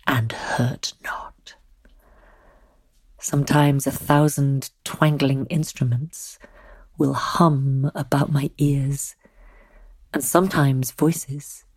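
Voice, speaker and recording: An actress playing Caliban, the island's brooding male native, reciting verse in a husky, hushed voice that drifts into whispers. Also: sits low, dry recording.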